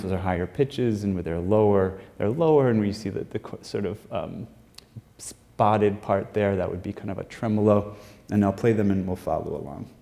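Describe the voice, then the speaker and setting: An American man lectures from a stage, working through his points with many fillers and repeated words. His voice sits low and sounds mellow and relaxed. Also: gravelly. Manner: halting, many fillers and restarts, explanatory. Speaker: researcher presenting his study. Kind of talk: live lecture presentation. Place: performing arts center stage.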